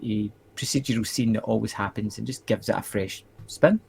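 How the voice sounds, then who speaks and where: A man's voice: on the low side, brisk, creaky, darkish tone, a little hiss or hum. A man co-hosting a podcast, adding brief amused remarks in casual chat. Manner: brief agreeing interjections, amused. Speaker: podcast co-host. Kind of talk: casual episode review.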